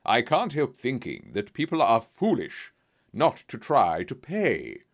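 A man voicing a smooth, menacing middle-aged blackmailer, slow and mocking in a storybook reading. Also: mid-range voice, huge pitch swings, full character voice. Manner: slow, mocking and falsely sorrowful.

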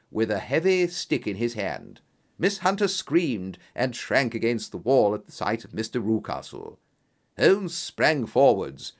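A man narrating a detective story in a measured, expressive way, voicing each character in turn. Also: fairly low pitch. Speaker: audiobook narrator.

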